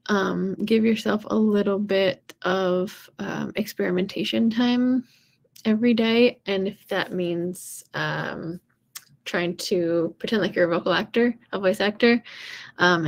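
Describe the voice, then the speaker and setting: A young woman gives a relaxed singing lesson, thinking out loud as she goes. She rambles a little and fills pauses with soft hesitations. Her pitch sits in an ordinary middle range for a woman. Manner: chatty and rambling, many ums, laughing at herself. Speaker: voice teacher. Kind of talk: casual live-streamed singing lesson.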